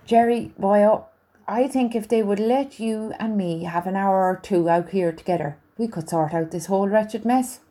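A woman's voice: medium pitch, normal speed, mellow, close to an everyday voice. A woman reading aloud, voicing a kindly, down-to-earth soldier with a chatty, earnest manner. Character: kindly Welsh soldier man, warm, down-to-earth.

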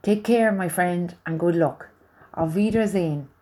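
Woman putting on a tired soldier, slow and careful, soft mellow tone. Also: fairly low pitch. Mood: gentle. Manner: slow, careful, formal phrasing. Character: tall weary German soldier man, gentle, thoughtful.

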